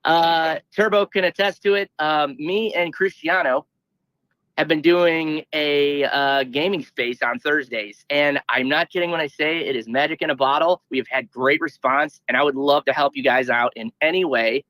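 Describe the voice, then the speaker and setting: A man's voice: on the high side, moderate pace, bright, forceful tone, no room sound, rough recording. A man in a live audio chat, friendly and promotional. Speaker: guest speaker.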